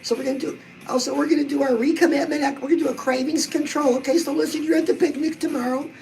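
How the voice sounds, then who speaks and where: A woman's voice: high voice, steady tone, fast talker, darkish tone, a little hiss or hum, low-quality recording. A woman coaching on fitness and weight loss in a bubbly, chatty, motivational way, talking straight to her listeners. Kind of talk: upbeat motivational vlog.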